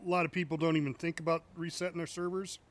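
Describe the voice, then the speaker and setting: A man's voice: fairly high pitch, little pitch movement, fast. A man streaming a driving game, chatting casually and cracking jokes at his own puns. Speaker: gaming streamer. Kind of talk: casual live gameplay chat.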